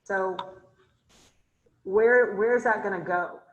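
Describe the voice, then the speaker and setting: A woman teaching chemistry over a video call, her voice sitting at an ordinary pitch. She talks her class through each step, quizzes them often and corrects herself as she goes. The room around her sounds echoey. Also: takes it slowly, highs cut off. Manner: asks students questions, thinks aloud while drawing. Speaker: chemistry instructor. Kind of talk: online class lecture.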